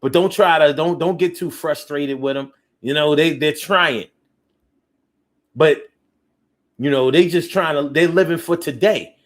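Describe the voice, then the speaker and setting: Speaking fairly high and a little slowly, with frequent pauses, this man hosts a live call-in talk show. He reads viewer comments and answers them in loose, slangy, preachy speech full of restarts, repeating lines for emphasis.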